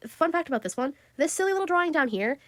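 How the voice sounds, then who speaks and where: Teen girl art vlogger, quick and chatty, bit high, dry close sound. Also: lively intonation, a bit bright, dry recording. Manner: chatty, giggly, full of fillers. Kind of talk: casual chat.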